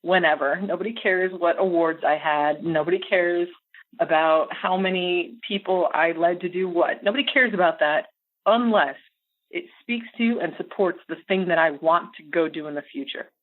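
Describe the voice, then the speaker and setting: A middle-aged American woman telling a story as a podcast guest, animated and laughing often. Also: on the low side, normal speed. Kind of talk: casual storytelling interview. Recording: phone-like audio.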